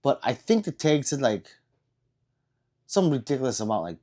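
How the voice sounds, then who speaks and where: A man hosts a casual livestream, reading out viewer comments and replying as he goes. He talks in a rambling, self-deprecating way, stumbling and restarting often, with a voice of ordinary middle pitch. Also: very animated, moderate pace, dark tone. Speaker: livestream host.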